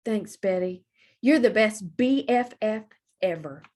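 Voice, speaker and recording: Storybook dog, gentle and timid, read by a woman; soft, slow, faintly husky. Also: mid-range voice, expressive. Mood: earnest. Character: gentle timid male dog, kind-hearted.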